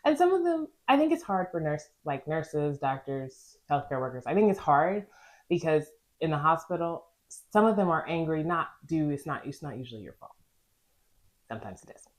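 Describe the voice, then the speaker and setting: Low-voiced, lively woman podcaster. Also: moderate pace. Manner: laughs often, acts out quoted lines in a raised voice. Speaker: podcast co-host, nurse. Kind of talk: casual chat.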